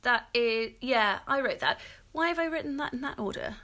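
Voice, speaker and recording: A woman's voice: on the high side, animated, moderate pace, sharp tone. Giggly, playful English woman in her 30s. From England. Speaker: podcast co-host. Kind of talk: casual chat.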